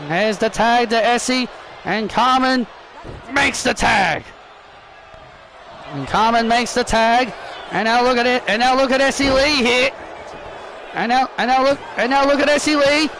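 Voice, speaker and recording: A man commentating his own wrestling video game matches with excitable play-by-play, often restarting his sentences and shouting at the big moves. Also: very high-pitched, slight background noise. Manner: frequent restarts and self-corrections, bursts of shouting at big moves.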